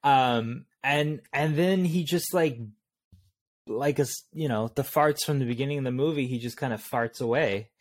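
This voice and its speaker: Man, podcast co-host, casual movie chat, relaxed musing. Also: mid-range voice, moderate pace. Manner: relaxed, thinking aloud with fillers.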